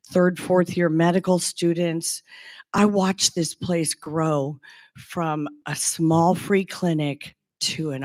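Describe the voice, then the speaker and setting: A woman in her sixties giving a heartfelt personal testimonial as a former clinic patient, talking in an earnest, halting way with frequent restarts. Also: low voice, darkish tone, dry recording. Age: 60s.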